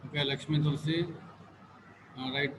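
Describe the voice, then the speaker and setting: A male teacher with an Indian English accent giving an online class lecture, halting, repeating each sentence and filling pauses with "uh". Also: a little high. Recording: echoey room with steady background noise.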